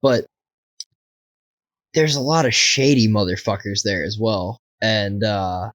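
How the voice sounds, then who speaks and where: A man's voice: fairly low pitch, slow, dry recording, poor audio. Profane, laughing man telling a story. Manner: profane, laughing, animated anecdote. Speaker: podcast co-host. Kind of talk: casual storytelling.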